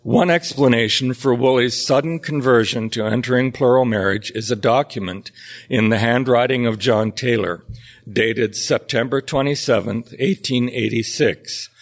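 A man reading historical journal entries and documents aloud in a measured, deliberate way, with occasional slips. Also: mid-range voice. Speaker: history narrator.

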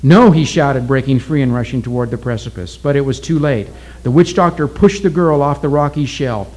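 A man narrating a story as an audiobook in a measured, steady way. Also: medium pitch, poor audio.

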